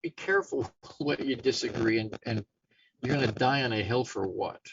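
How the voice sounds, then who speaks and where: A man's voice: medium pitch, normal speed, vocal fry, breathy edge, dull audio. A middle-aged man hosting a self-help talk show, casual and rambling with many restarts. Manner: casual, rambling, frequent restarts, animated storyteller. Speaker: show host.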